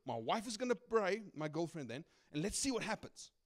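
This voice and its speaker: A middle-aged man preaches with a slightly raised pitch and an easy, conversational delivery. He tells personal stories and keeps checking in with his listeners by asking "right?", which makes the sermon feel like a talk among friends. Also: fairly quick. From South Africa. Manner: animated, conversational, often asks "right?". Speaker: guest preacher.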